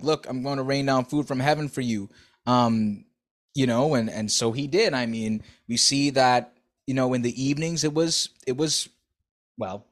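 A man hosting a solo podcast, reading a Bible passage aloud and then talking it over loosely and chattily. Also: mid-range voice. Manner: loose and chatty, full of "like" and "bro". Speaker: podcast host. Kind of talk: Bible reading and casual commentary.

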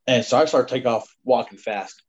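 A middle-aged man tells a hunting story in a loose, rambling way, leaning on "you know" between phrases. His voice sits at an ordinary middle pitch. The recording sounds a little dull and lo-fi. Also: moderate pace, husky. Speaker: guest storyteller. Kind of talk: casual spoken hunting story.

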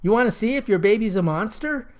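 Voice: mid-range voice, expressive, fast, pitched above the performer's own voice, lightly acted. A storyteller voicing a dim, childish male slapstick clown with goofy wisecracks.

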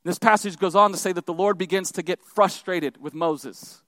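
A man's voice: sits high, normal speed, bright, forceful tone, no room sound, clean studio sound. A male pastor preaching a sermon, retelling a story in a conversational way with asides to the congregation.

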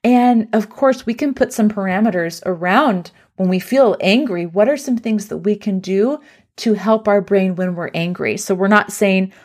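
A young adult woman hosting an educational parenting podcast, speaking in a gentle, encouraging way and modeling soothing phrases for children. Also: mid-range voice, moderate pace.

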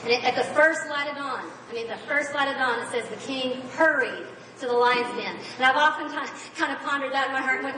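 A woman preacher giving an animated, expressive sermon, recorded from far off in a large hall. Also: high-pitched, a little fast, few pauses, noisy background.

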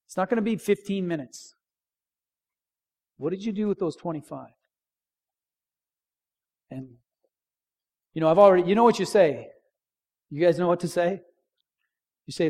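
Man, middle-aged, pastor, sermon in church, emphatic repetition, fairly high voice, hushed emphasis. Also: normal speed, pauses often. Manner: emphatic, repeats key phrases, drops to a near hush for stress.

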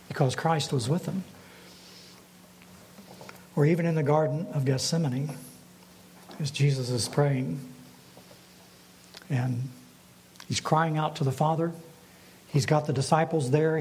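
A man, a pastor, preaching a sermon in a measured way and putting rhetorical questions to his congregation. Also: on the high side, a little mellow, slight background noise, low-quality recording.

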